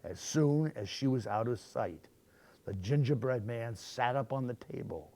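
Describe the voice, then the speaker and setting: A man reading picture books aloud at storytime, with expressive, animated storytelling. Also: medium pitch, unhurried. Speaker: storytime reader.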